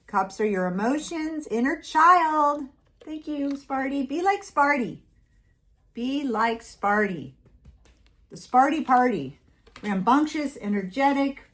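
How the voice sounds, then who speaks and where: A woman giving a casual tarot reading to viewers, chatty and playful, breaking off to talk to her dog. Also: fairly high pitch. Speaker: tarot reader.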